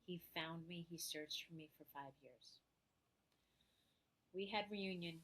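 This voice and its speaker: A woman guest on a podcast, earnestly recounting her own life story, her voice dropping soft at moments of emotion. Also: on the low side, slow, rough recording. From New York. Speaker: interview guest. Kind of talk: personal storytelling in a podcast interview.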